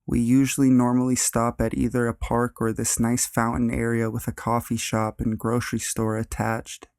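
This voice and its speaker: Gravelly, monotone male story narrator. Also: mid-range voice, normal speed, dry recording, clean studio sound. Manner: deadpan, monotone reading. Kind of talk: reading a horror story aloud.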